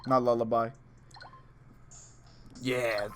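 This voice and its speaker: A man giving casual, excitable, rambling commentary over a video game, full of chatty asides. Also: medium pitch, extremely slow, soft background music. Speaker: let's play host.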